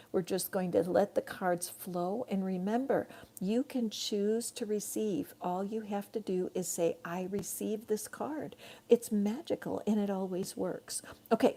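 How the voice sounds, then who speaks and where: A woman's voice: mid-range voice, dark tone. A middle-aged woman giving a live tarot reading, chatty and rambling, talking straight to her viewers. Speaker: tarot reader.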